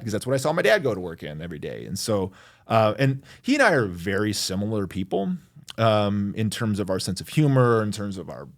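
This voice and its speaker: A man in his forties from Michigan, a lawyer chatting as an interview guest in a loose, self-deprecating way with plenty of fillers. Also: fairly low pitch. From Michigan, USA. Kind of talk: casual interview chat.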